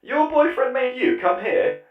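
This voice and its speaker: A man's voice: very high voice, lively intonation, unhurried, faint music behind, pitched above the performer's own voice. A man voicing a robotic therapist chatbot through a robot filter, answering in short questions. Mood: mechanical. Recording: phone-like tinny filtered sound.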